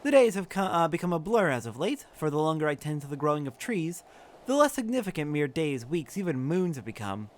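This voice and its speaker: A man voicing a gentle male forester who speaks in archaic, formal phrasing while reading game dialogue aloud. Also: fairly high pitch, very animated, fairly quick. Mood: dreamy. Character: dreamy male forester, old-fashioned and gentle.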